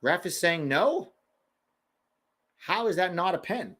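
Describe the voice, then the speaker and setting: A man's voice: high-pitched, animated, slow pace, a bit bright, breathy edge. An American man hosting a live match watch-along, chatting casually with a sarcastic, riffing manner between reactions to the game.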